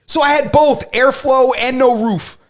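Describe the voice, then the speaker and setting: A man's voice: very high voice, a little slow. A man co-hosting a casual podcast, telling a long story and acting out both sides of the argument. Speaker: podcast co-host. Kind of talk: casual chat.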